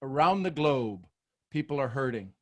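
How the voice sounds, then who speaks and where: A man hosting a leadership video call, joking, animated and preacher-like. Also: mid-range voice, moderate pace. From Texas, USA. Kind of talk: motivational talk on a group call.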